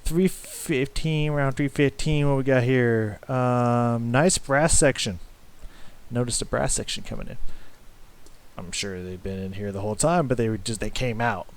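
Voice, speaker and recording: A man giving casual music reaction commentary, rambling and halting with many fillers and restarts, swearing casually and humming along with the riffs. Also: mid-range voice. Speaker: music reaction channel host.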